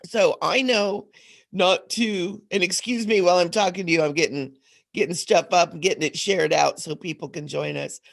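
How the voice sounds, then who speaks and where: A woman's voice: lowish voice, moderate pace, vocal fry. A middle-aged woman hosting a casual spiritual livestream talk, rambling and laughing as she goes, a little sleepy and groggy. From Southern California. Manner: rambling, laughs often, frequent fillers. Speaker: host.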